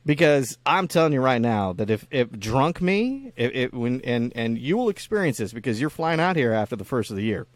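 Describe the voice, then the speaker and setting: A man's voice: medium pitch, very animated, moderate pace, hardly any pauses, no room sound. A man co-hosting a casual chat, rambling and swearing freely, often acting out squealing voices in his stories. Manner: profane, rambling, acts out squealing kid voices. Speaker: podcast co-host.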